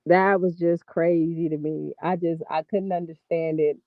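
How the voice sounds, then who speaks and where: A woman giving casual gossip commentary on a vlog, talking in an animated, profane, exasperated ramble. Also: lowish voice, measured pace, no room sound, narrow, tinny audio. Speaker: vlogger.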